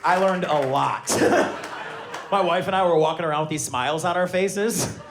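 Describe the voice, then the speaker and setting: A man in his thirties doing a high-energy stand-up comedy set on a live stage, shouting his punchlines. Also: measured pace, crowd noise, noisy background. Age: 30s. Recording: live room with audience laughter.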